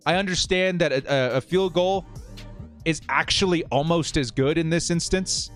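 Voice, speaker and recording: A man hosting a live sports watch-party stream, cheering loudly one moment and muttering nervously the next. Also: a little high, normal speed, soft background music. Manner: excitable, swings from loud cheering to quiet nervous muttering.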